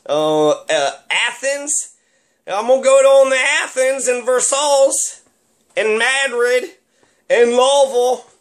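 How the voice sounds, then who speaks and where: A man's voice: high-pitched, fairly bright tone. A man giving rambling, sarcastic solo commentary with plenty of fillers. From Kentucky.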